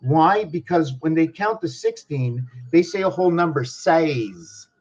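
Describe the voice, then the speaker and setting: A man talks through a spiritual monologue at a very slow, ponderous pace, often stopping to ask himself questions aloud. His voice sits a little high, and the recording sounds dull and lo-fi. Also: animated, darkish tone.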